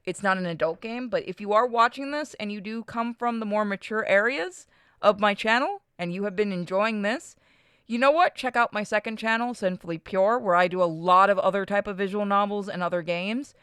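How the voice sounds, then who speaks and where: New york gamer reading a visual novel out loud, casual and sweary, smooth voice. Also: medium pitch, brisk, no echo, studio quality. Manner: casual, swears freely, self-mocking. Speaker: gaming channel host.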